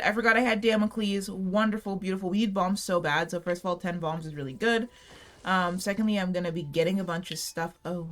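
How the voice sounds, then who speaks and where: A young woman giving loose, running commentary while she plays. Her voice sits fairly low, and she drifts off on profane, self-mocking tangents. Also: a bit bright. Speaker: gaming channel host. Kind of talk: casual gameplay commentary.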